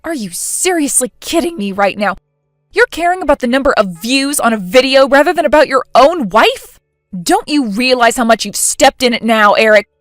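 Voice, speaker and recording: A woman's voice: high voice, animated, moderate pace, a bit bright, no room sound, studio quality, faint music behind. A woman playing an indignant, hurt young bride who speaks in an exasperated way. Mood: furious.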